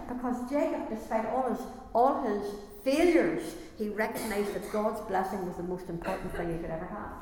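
A woman's voice: mid-range voice, moderate pace, hardly any pauses, darkish tone. Woman preacher, earnest sermon delivery with restarts, very echoey church hall. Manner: earnest, repeats and restarts phrases, rises in intensity.

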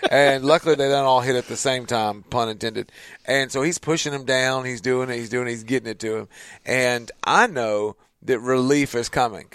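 A man's voice: mid-range voice, steady tone, moderate pace, fairly bright tone, clean tone, dry recording. A man, hosting a show and telling a family story casually, acting out the voices in his quotes. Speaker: podcast host.

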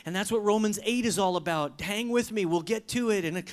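A pastor preaching a sermon with emphatic delivery, swinging from loud, high bursts to hushed, almost whispered lines. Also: fairly quick.

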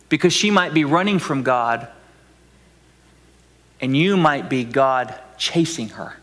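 A man's voice: on the high side, unhurried, a bit bright. Dramatic preacher man in a reverberant hall. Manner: dramatic, acts out voices, drops to whispers. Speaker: pastor. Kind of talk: sermon.

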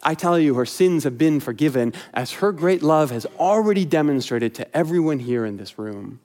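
Jesus, tender and earnest, as a preacher reads him. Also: male voice, a little high, animated, moderate pace, darkish tone, close to an everyday voice. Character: compassionate man gently rebuking his host.

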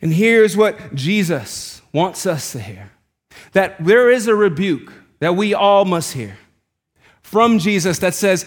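A man preaching a sermon, telling a family story in a casual, conversational way and dropping his voice low and quiet when quoting people. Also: animated, a little slow. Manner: conversational, casual slang, voice drops low and quiet for quoted lines. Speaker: pastor.

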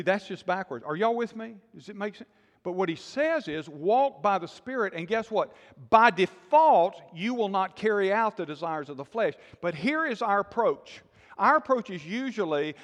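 A male pastor preaching a sermon, emphatic and questioning the congregation, dropping to quiet intensity. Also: sits high, big-room sound.

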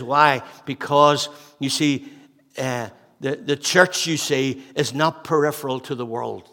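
A man preaches a sermon in a church hall, his voice bright and forceful. He speaks at a somewhat high pitch and builds his points through repeated rhetorical questions. A long reverb from the hall trails behind his words. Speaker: pastor.

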